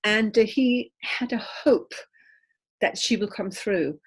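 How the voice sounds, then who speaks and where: Husky-voiced woman telling spirit anecdotes. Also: medium pitch, takes it slowly. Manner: lively anecdotal telling, frequent laughter. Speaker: medium, guest. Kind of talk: casual interview storytelling.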